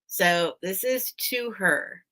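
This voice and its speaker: A woman hosting a casual live sale stream, reading a children's book aloud and choking up, with halting restarts. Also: mid-range voice, expressive, bright, forceful tone, slight background noise. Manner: emotional, choking up while reading; slow, halting, with many restarts.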